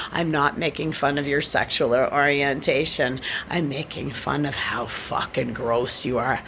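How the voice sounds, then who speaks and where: A woman's voice: low voice, a bit bright, a little hiss or hum. A woman in her forties in a scattered, profane, mocking rant, defiant and sneering. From Canada. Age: 40s. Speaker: vlogger. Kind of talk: ranting vlog monologue.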